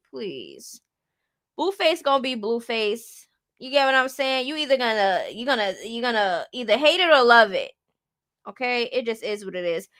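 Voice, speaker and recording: A woman's voice: high voice, sharp tone, dry recording, clean studio sound. A woman giving blunt, chatty reaction commentary on a live stream, often asking whether the listener follows her. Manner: blunt, chatty, keeps asking "you get what I'm saying".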